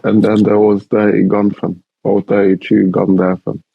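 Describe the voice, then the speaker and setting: A man co-hosting a podcast, laid-back and slangy, cracking quick jokes. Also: fairly low pitch, completely flat delivery, vocal fry, narrow, tinny audio. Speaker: podcast co-host. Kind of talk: casual comedic chat. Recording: faint background noise.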